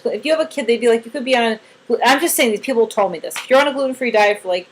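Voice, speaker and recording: A woman's voice: on the high side, lively intonation, fast, low-quality recording. Chatty woman coaching a new trainee. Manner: chatty and demonstrative, acting out examples. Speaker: trainer coaching a new therapy team member. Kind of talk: casual one-on-one training.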